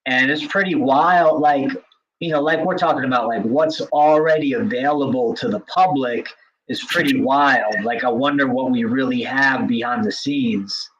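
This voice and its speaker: A drum teacher co-hosts a casual podcast, speaking at normal speed in an ordinary middle-pitched voice. He's chatty and loose, full of filler "likes" and restarts, and the recording sounds slightly muffled and lo-fi.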